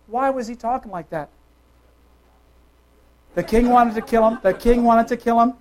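This sermon comes from a preacher whose mid-range voice alternates between loud, emphatic calls and soft, hushed asides. He addresses the congregation directly, firing off quick questions.

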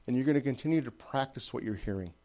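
Male preacher, warm low-key tone, chatty sermon with repeated emphatic lines. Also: fast talker. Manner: conversational, repetitive emphatic phrasing, checks in with listeners. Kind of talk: informal sermon.

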